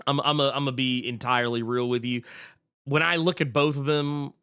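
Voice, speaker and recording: A man's voice: medium pitch, fairly even intonation, brisk, sharp tone, clear, resonant tone. A man hosting a podcast in casual chat, blunt and profane as he talks. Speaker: podcast host.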